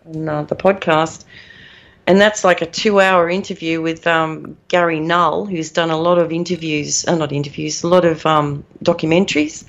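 A woman co-hosting a podcast in casual chat, rambling and emphatic, laughing at her own points. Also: fairly low pitch. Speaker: podcast co-host. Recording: dull lo-fi audio.

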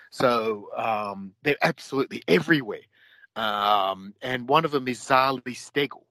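A man's voice: mid-range voice, a bit bright, no echo, rough recording. A man with an Australian accent co-hosting a talk show, ranting in a heated, profane and repetitive way. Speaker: podcast co-host.

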